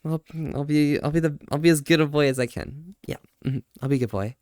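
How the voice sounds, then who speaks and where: A man's voice: on the high side, quick pace, darkish tone, dry recording. Male streamer, casual and flirty, laughs a lot, stammers, dry close sound. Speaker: livestream host. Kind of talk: casual live-stream chat.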